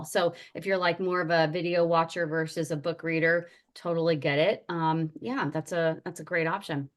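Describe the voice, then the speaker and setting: A woman's voice: on the low side, fairly bright tone. Woman yoga instructor, upbeat and chatty, leading a casual online workshop over a video call. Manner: upbeat, chatty, greets attendees by name.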